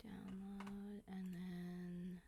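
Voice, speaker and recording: A woman streamer chatting casually and swearing often, muttering to herself between excited bursts. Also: medium pitch, drawn-out words, vocal fry, noisy background. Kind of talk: casual vlog chat while sorting photos.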